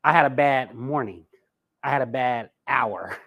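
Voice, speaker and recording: A man teaching a live personality class in a lively way, talking straight to his audience. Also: medium pitch, unhurried. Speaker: personality coach.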